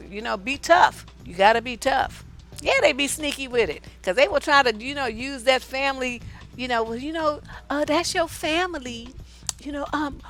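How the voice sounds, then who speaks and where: An older woman who works as a relationship coach gives women viewers a blunt, profanity-laced motivational talk. Her voice is medium in pitch and slightly bright, and she drives her points home emphatically by repeating key phrases.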